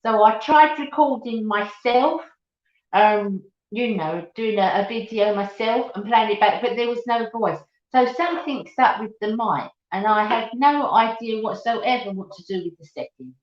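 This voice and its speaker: A woman's voice: fairly high pitch, moderate pace. A middle-aged woman hosting a casual live chat, laughing often and greeting viewers by name. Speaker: live stream host. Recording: dull, roomy home recording.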